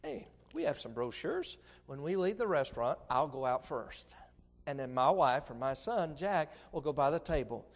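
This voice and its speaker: A man's voice: mid-range voice, lively intonation, moderate pace, long reverb tail. A man preaching a sermon, telling folksy stories with stammered restarts.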